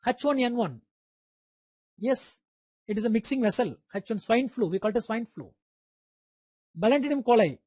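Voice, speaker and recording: A man's voice: extremely high pitch, darkish tone, no room sound. Man with an Indian accent lecturing medicine. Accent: Indian English. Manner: repeats key terms, quizzes students, makes sound effects. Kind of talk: live online lecture.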